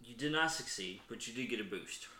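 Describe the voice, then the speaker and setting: Male game master, relaxed narrator, bright tone, roomy recording. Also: medium pitch, a little fast, slight background noise. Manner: relaxed, laughs often, fillers.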